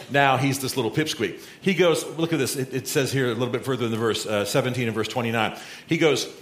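Animated storytelling preacher, echoey room. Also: male voice, mid-range voice. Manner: storytelling, animated, acts out quotes. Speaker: pastor. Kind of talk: sermon. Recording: roomy echo.

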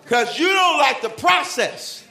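A man preaching a sermon in a lively, animated way, shouting at times and dropping to a hush, acting out Bible figures. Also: very high voice, unhurried, gravelly, echoey room, slight background noise.

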